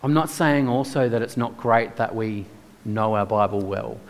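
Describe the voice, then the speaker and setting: A man's voice: fairly low pitch, moderate pace, big-room sound. A man preaching a sermon in a church, earnest and emphatic, firing off rhetorical questions.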